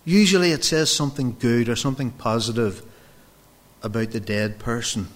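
A man's voice: medium pitch, normal speed. A man preaching a sermon, telling personal stories and acting out the dialogue as he addresses his congregation directly. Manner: storytelling, acts out dialogue, addresses the folks directly.

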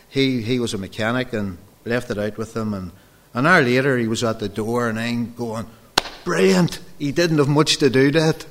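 A man preaching a sermon, telling personal stories and acting out the dialogue as he addresses his congregation directly. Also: mid-range voice. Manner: storytelling, acts out dialogue, addresses the folks directly.

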